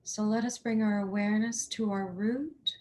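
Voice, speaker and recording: A woman with a medium-pitched, slightly mellow voice and fairly even intonation guides a chakra healing meditation. Speaking slowly and soothingly, she offers affirmations and has listeners repeat them after her.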